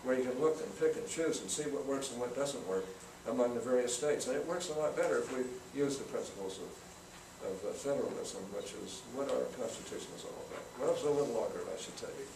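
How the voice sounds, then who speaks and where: A man's voice: mid-range voice, fast talker, vocal fry, hardly any pauses. An older man telling a long political anecdote to a student audience in a folksy, storytelling manner. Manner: folksy anecdotal, acts out quotes. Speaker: guest speaker, senator. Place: campus event room. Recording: roomy, from far off, noisy.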